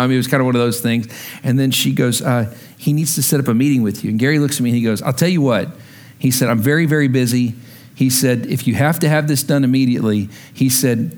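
A man preaching a sermon as pastor, telling a story and acting out the dialogue, rising to shouts when heated. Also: medium pitch.

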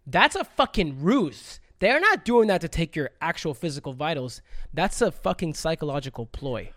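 A man on a casual podcast, swearing freely and telling stories with lively acted-out quotes. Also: a little high, moderate pace, no room sound, clean studio sound. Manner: profane, animated storytelling with acted quotes. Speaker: podcast guest.

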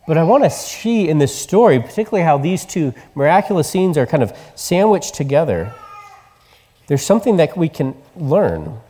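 Pastor guy preaching, tells the story with little voices, goes soft and tender for the quiet bits, big echoey church hall. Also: a little high, very animated, moderate pace, slightly rough. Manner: storytelling, drops to soft tender tones for quoted words. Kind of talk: sermon.

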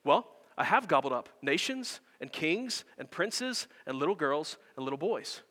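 A man voicing a great, fierce but good male lion who speaks slowly and firmly, in a church sermon. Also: fairly high pitch, sing-song, bright, forceful tone, big-room sound, heavily acted. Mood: stern.

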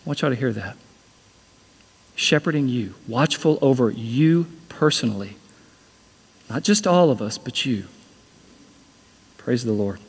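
A man's voice: mid-range voice, expressive, measured pace, pauses often, breathy edge, in a large hall. A man preaching a sermon as pastor, earnest and repeating key phrases for emphasis.

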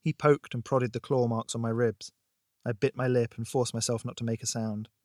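A man's voice: mid-range voice, moderate pace, dry recording. Dry close-mic male audiobook narrator. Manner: expressive, steady storytelling.

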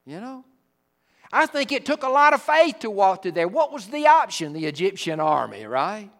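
A man preaching a sermon. He acts out the people in the story and swings between booming lines and hushed ones. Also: big pitch swings, moderate pace, big-room sound. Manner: dramatic, acts out the Bible figures, swings from loud to hushed.

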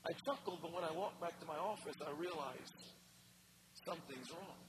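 A man with a high voice preaches, measured and emphatic, leaning hard on his key phrases. The recording carries clear background noise behind him. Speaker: pastor. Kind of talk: sermon.

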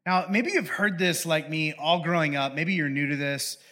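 A young man with a high, bright voice preaches casually and playfully. He often stops and restarts his sentences, and he tosses in jokes as he goes. The tone is relaxed and conversational. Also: normal speed. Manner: chatty, self-interrupting, playful. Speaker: pastor. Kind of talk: casual humorous sermon.

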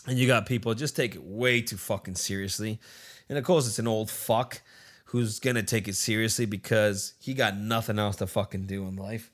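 A man's voice: lowish voice, steady tone, moderate pace. A man casually telling a long anecdote, rambling and swearing often, and acting out what his friends said. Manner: rambling, profane, acts out quoted friends. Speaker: storyteller.

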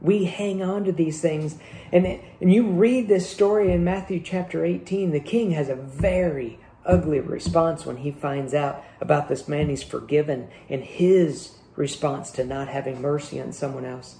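Guy preaching a sermon, chatty, asks the room questions, gravelly mellow voice, echoey hall. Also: fairly high pitch, unhurried, slight background noise. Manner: conversational preaching with rhetorical questions. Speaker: pastor.

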